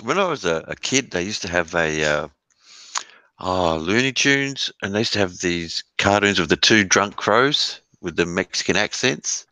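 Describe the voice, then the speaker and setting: A man's voice: sits low, expressive, moderate pace, pushed and bright, no room sound. A man with an Australian accent in a laid-back casual chat, laughing often and saying mate.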